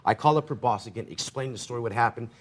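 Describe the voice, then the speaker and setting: A man telling his side of a dispute in a televised courtroom, rambling through his account with quoted back-and-forth. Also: medium pitch. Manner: rambling, rapid retelling with quoted dialogue. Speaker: defendant.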